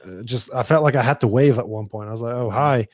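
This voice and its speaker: A young man hosting a podcast, talking in loose, rambling chat at an ordinary pitch. He swears freely and plays out the people in his stories. The sound is dry and close to the mic. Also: fast talker, a little mellow, no room sound. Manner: rambling storyteller, swearing, acts out quotes. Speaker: podcast host. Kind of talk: casual chat.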